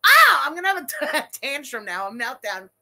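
A woman hosting a live stream, reacting to a video with excited, profane outbursts and frequent laughter. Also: high-pitched, moderate pace.

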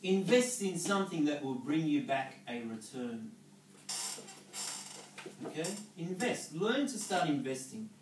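In an echoey room, a distant man with a slightly high voice delivers a motivational business talk, moving a little slowly with big pitch swings and long pauses. This network marketing speaker coaches the audience and checks in with quick "okay?" and "yeah?" questions, over a little hiss or hum.

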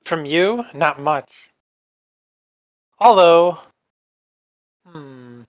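A man's voice: on the high side, lively intonation, very slow, no echo. A man voicing a sneering, bored spectre in a tabletop role-play, drawling and contemptuous. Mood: menacing.

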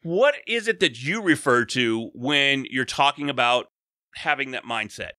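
A man's voice: medium pitch, lively intonation, unhurried, pushed and bright, no room sound, studio quality. A man hosting a podcast interview, chatty and rambling, with frequent restarts. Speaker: podcast host. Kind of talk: casual interview chat.

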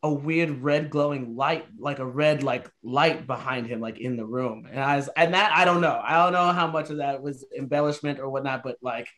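A man's voice: moderate pace, few pauses. A man casually telling a spooky story among friends, acting out the people in it with big jumps in his voice. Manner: animated, acts out quotes with big pitch jumps. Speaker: podcast co-host.

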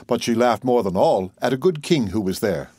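Male storyteller, fairy tale narration, animated pitch, dry close sound. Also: normal speed, husky, no room sound.

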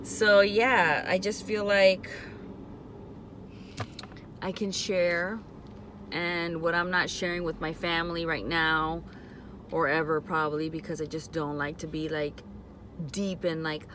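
She has a lowish, fairly bright voice with a level tone, speaking slowly with long pauses while slight background noise runs underneath. Parked in a parking lot, the woman vlogs in a casual, confessional way, emotional and near tears, hesitant, rambling, and trailing off.

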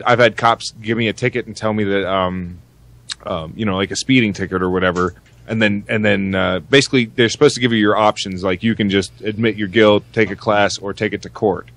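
A podcast co-host chats casually, rambling along with heavy swearing and frequently restarting his sentences. His voice sits on the low side with a fairly bright tone, and the recording is dry.

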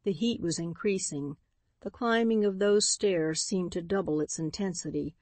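A woman reads an audiobook in a steady, even narrating voice. Her pitch sits slightly low. The recording is close and dry, with no room sound. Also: moderate pace, dry recording. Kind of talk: scripted narration.

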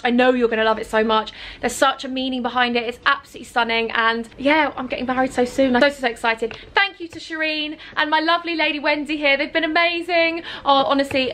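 A young woman with a high, bright voice rattles on at a quick clip. She gushes effusively, caught up in emotion as she vlogs inside a bridal shop, filmed on a handheld camera. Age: 20s. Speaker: vlogger. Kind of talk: excited chatty vlog.

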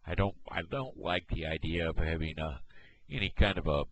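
Deep-voiced man with a halting vlog delivery. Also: background noise. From Missouri, USA. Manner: halting, many fillers and restarts. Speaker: video blogger. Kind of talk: casual talk to camera. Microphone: headset microphone. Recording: dull lo-fi headset mic.

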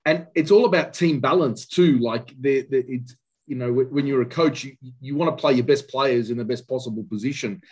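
A man's voice: medium pitch, brisk, breathy edge. A male host asking conversational questions in a casual interview. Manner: conversational, brief prompts and questions. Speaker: podcast host.

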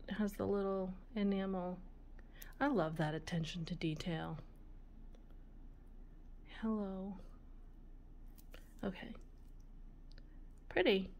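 A woman hosting a vintage jewelry video, musing aloud in a soft, relaxed voice and sometimes dropping to a whisper. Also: medium pitch, slight background noise. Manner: slow, soft-spoken, musing aloud, often drops to a whisper. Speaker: vintage jewelry channel host. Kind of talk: casual show-and-tell of jewelry.

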